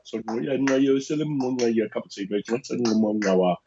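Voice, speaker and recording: A man who does stand-up, co-hosting a podcast with wry, teasing, deadpan humour. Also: mid-range voice, a little fast, lo-fi sound, noisy background. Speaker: comedian and podcast co-host. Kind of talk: casual chat.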